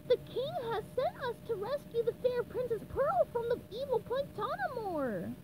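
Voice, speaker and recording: A woman doing a squeaky, excitable SpongeBob. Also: normal speed, noisy background. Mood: earnest. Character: eager young male sea sponge hero.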